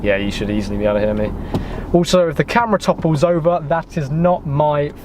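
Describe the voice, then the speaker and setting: Talking fast in a fairly high-pitched voice, a young man from the UK rambles through a casual vlog, full of fillers and self-deprecating remarks. He moves between a car and the outdoors near a house, with noisy background sound.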